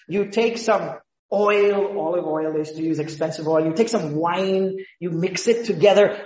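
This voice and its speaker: A man's voice: high-pitched, a little mellow, reverberant, low-quality recording. A man, a pastor, preaching a sermon with emphatic rhetorical questions.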